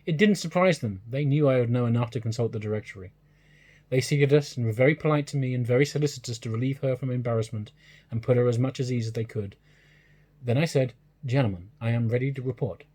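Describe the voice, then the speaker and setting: Guy reading an old story out loud, husky kinda breathy voice, steady pace. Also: medium pitch, quick pace. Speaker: reader.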